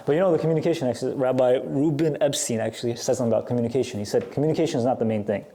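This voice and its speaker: Man, podcast co-host, emphatic, argues back, mellow voice. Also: mid-range voice, racing, slight background noise. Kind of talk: casual podcast discussion.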